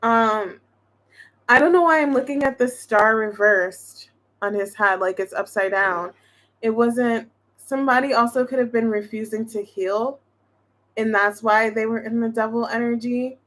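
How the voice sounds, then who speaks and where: Chatty woman tarot reader, higher-pitched, rambling casual delivery. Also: measured pace, a bit bright. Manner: chatty, thinks aloud, many restarts and fillers. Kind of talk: casual tarot reading to viewers.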